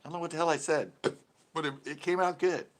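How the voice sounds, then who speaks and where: A man's voice: on the high side, fairly even intonation, a little fast. A middle-aged man hosting a live stream, chatting casually, laughing often and swearing lightly.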